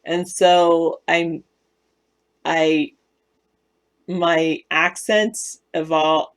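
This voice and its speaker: A woman with a Southern Californian accent chats on a live stream and answers viewers' comments. Her voice is low and carries a gravelly fry. She talks unhurriedly, rambling and correcting herself as she goes. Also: flat delivery, extremely slow. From West Virginia, US South. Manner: rambling, self-correcting, chatty.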